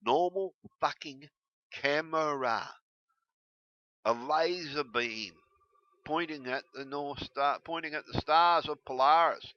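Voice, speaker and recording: A man ranting heatedly to camera, swearing constantly and breaking into yelled bursts. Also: fairly high pitch, takes it slowly, no room sound. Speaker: video blogger. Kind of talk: angry profane rant to camera. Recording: dull lo-fi recording.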